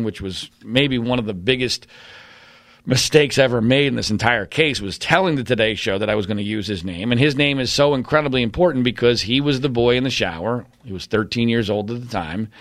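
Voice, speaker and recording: Man, blunt and combative, mid-pitched, dry close mic. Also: fairly bright tone, dry recording. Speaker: commentator. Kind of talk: opinionated monologue.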